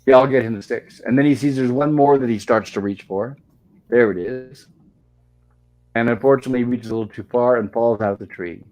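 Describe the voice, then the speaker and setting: A man's voice: mid-range voice, fairly quick, a little mellow. Chatty man recapping an old sitcom. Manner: chatty, reads dialogue aloud with little acting. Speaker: host of a live-streamed show. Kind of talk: casual episode recap, reading lines aloud.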